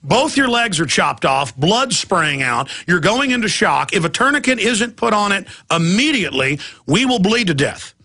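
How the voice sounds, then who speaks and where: Middle-aged guy ranting on his radio show, kinda high voice, real bright and sharp. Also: big pitch swings, normal speed, slightly rough. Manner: impassioned, ranting, mimics opponents' voices. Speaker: radio host. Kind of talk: talk radio monologue.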